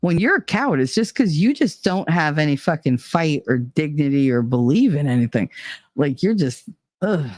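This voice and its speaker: A woman's voice: deep voice, very animated, normal speed, darkish tone, no echo. A middle-aged woman hosting a casual solo talk show, blunt and opinionated, swearing freely and laughing often. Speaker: podcast host.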